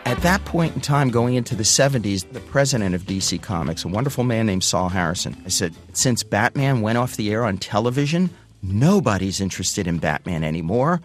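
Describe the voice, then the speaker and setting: An older man from the United States recounts his own story with animated energy, slipping into the voices of others as he goes. His voice sits on the low side. Guitar music plays clearly beneath him. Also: fairly quick. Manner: animated, acts out quoted voices. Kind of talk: first-person storytelling.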